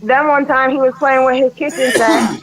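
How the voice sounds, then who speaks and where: A woman's voice: high-pitched, normal speed, soft background music, rough recording. A woman hosting a casual chat show, telling stories about her young son and acting out what he said. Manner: animated, acts out her son's quotes. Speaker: podcast host.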